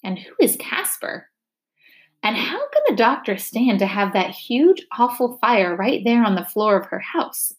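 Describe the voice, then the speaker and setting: A woman voicing a curious, worried young girl, soft and wondering. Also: on the high side, lively intonation, unhurried.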